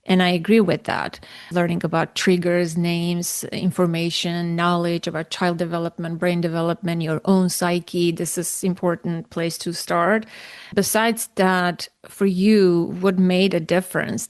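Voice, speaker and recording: A woman with a low voice hosting a podcast interview. She reflects out loud and then asks several questions in a row. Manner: reflective, asks questions one after another. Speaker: podcast host.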